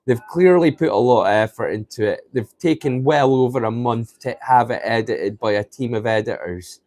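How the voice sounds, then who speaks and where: Male live-stream host, casual and rambling, mid pitch, dry close mic. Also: normal speed, a little mellow, no echo. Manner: rambling, chatty, thinking aloud.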